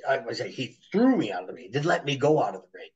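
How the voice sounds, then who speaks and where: This is a middle-aged man with a gravelly, breathy voice. He is an interview guest swapping wrestling stories. He is animated and acts out the people in his stories. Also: mid-range voice, fast, lo-fi sound. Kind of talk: storytelling interview.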